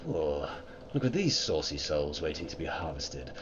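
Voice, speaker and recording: A man's voice: very deep voice, big pitch swings, normal speed, muffled recording, noisy background. A British man giving live gameplay commentary, playful and silly, tossing out made-up words. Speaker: streamer.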